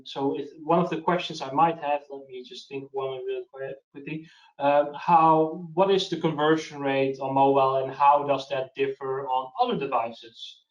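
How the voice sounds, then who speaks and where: A man's voice: mid-range voice, distant mic. A man presenting a webinar and answering questions in a casual, hesitant way, often restarting his sentences. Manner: hesitant, restarts, practical advice. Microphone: video call. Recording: lo-fi roomy web call.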